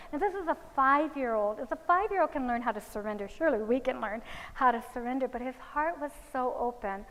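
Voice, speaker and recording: A woman's voice: high-pitched, a little fast. Storytelling woman in a reverberant hall. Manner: storytelling, acts out quoted voices of children and parents. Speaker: parenting seminar speaker. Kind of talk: religious parenting talk with anecdotes. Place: seminar hall.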